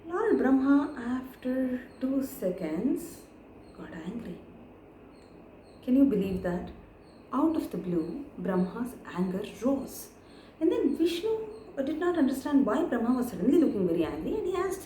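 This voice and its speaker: A woman storyteller retelling a scripture tale to camera, animated, asking her listeners questions and pausing on fillers. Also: high-pitched, slight background noise. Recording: echoey room with faint ambience.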